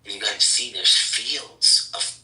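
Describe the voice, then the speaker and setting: A man chatting on a casual podcast, excitedly explaining something while fumbling for words and restarting. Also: lowish voice, measured pace, reverberant, low-quality recording.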